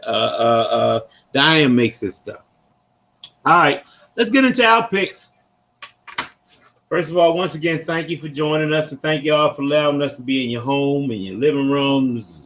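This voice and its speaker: A man's voice: a little high, a bit bright. An older man with a Baltimore accent hosting a sports podcast in a rambling, slangy storytelling manner. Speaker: podcast host. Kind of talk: casual sports talk. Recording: dull lo-fi recording.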